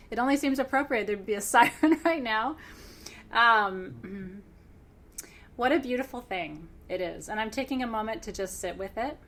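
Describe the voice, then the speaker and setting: A woman's voice: a little high, a little hiss or hum. Emotional woman teaching a live class. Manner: emotional and excited, laughs often, clears her throat. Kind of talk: live-streamed class, warm conversational teaching.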